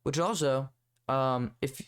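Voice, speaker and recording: A man's voice: mid-range voice, slow, smooth. A young man hosting a solo podcast, rambling and swearing in a sarcastic, casual rant. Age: young adult. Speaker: podcast host.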